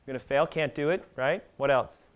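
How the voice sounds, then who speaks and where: A man giving an animated health seminar to a live audience, talking fast and emphatically and firing questions at the room. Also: medium pitch, dull audio. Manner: emphatic, rapid-fire, asks the audience questions.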